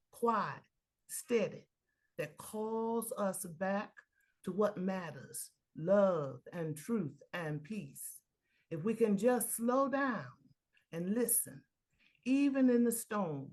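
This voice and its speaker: A woman speaks slowly and earnestly as a reader in a poetry readers' theater. Her recital turns loud and emphatic on its key lines. Her voice sits at an ordinary pitch. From Baltimore, Maryland. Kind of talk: reflective talk and dramatic poetry recital.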